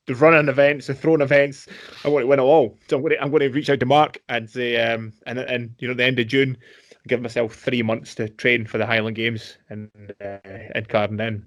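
A man co-hosting a podcast in casual chat, a bit drunk, excitable, swearing freely and laughing often. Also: mid-range voice, brisk. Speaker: podcast co-host.

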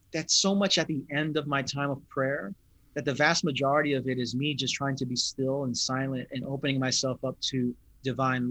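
A man, a pastor, talking in an interview in an earnest, thoughtful, unhurried way. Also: mid-range voice, sharp tone, dry recording. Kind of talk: reflective interview talk.

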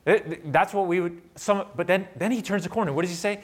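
A man delivering a sermon as a pastor, swinging from loud emphatic peaks to quiet asides and putting rhetorical questions to the congregation. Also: high voice, brisk, few pauses. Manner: asks the audience rhetorical questions.

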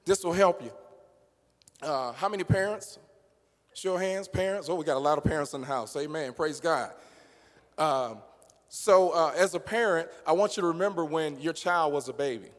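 A man preaching a sermon in a church, talking through it conversationally and then building up to passionate shouting. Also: on the high side, moderate pace, big-room sound. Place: church sanctuary.

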